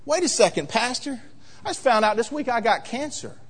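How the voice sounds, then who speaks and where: A man's voice: extremely high pitch, animated, a little fast, voice pushed up. A preacher voicing a troubled man who pleads and objects defensively to his pastor, in a reverberant sanctuary. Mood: objecting. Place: church sanctuary.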